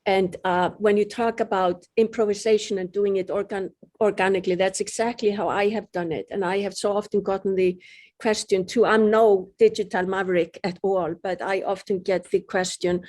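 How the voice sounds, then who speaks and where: A woman's voice: mid-range voice, steady tone, normal speed, a little mellow. A woman speaking heartfelt and a little emotional in a casual online group talk, often restarting her words. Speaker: community member.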